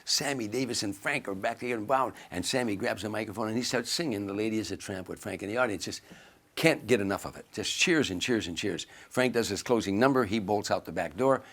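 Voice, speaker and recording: A man's voice: on the low side, quick pace. A man casually telling a story, acting out the quoted lines as he goes. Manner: animated storyteller who acts out quoted lines.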